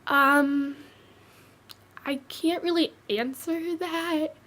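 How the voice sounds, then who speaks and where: A woman's voice: high-pitched, a little slow. A teenage girl telling her own cancer story in a hesitant, casual way, full of fillers and restarts.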